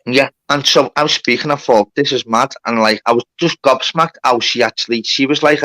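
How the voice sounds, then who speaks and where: A man's voice: medium pitch, moderate pace, bright, forceful tone. A man telling a long story on a livestream, with lots of swearing and reported speech. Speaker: livestream host. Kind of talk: casual storytelling.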